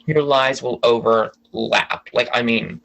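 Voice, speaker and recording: A man's voice: medium pitch, fairly even intonation, takes it slowly, vocal fry, a bit bright, rough recording. A man from the DC area, a podcast guest chatting casually and rambling through gossip with many restarts. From Washington DC area. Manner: chatty, rambling, self-correcting.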